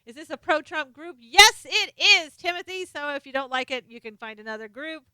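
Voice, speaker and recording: A woman's voice: high voice, a little fast, sharp tone, no echo. A middle-aged woman hosting a casual live stream, chatting as she reads out viewers' names and comments, sometimes turned away from her desk mic. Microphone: desk microphone, sometimes off-axis.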